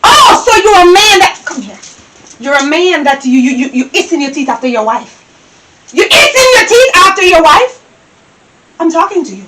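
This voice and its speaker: A woman's voice: high voice, big pitch swings, moderate pace, pauses often, background noise. A woman playing a scornful bossy Jamaican wife. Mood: scolding. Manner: scolding, cutting, bursts into shouts. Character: domineering, scornful wife and employer. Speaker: actor in a Jamaican stage-style movie.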